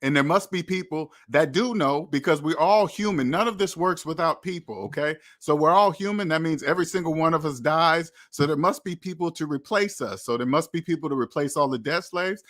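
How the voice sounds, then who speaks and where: A man's voice: fairly high pitch, a little fast, few pauses, a bit bright. A man hosting a money channel, lecturing viewers in a preachy, repetitive way and acting out imagined quotes. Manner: preachy, repetitive, addresses viewers as debt slaves. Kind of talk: motivational monologue.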